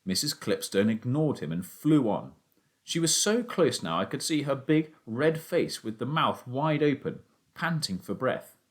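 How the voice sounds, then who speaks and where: A man's voice: medium pitch, unhurried. A man reading a children's novel aloud as a first-person audiobook narrator. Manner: expressive storytelling, narrating as a boy.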